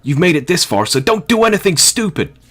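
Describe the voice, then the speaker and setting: A man's voice: a little high, very animated, a little fast, a bit bright, faint music behind, voice pushed up. A man voicing a nerdy young male tech advisor who gives earnest instructions over a codec radio in a video game. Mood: earnest instructing.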